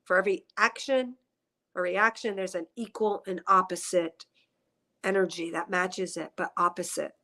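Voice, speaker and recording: Emotional psychic lady rambling through a reading on a headset, kinda tearful, bright voice. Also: fairly low pitch, fairly even intonation, normal speed. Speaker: psychic reader. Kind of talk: spiritual reading session.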